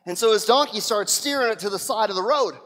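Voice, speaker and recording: Impassioned high-voiced male preacher. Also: fast talker, a bit bright, big-room sound. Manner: impassioned, acts out scenes. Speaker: pastor. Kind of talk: sermon.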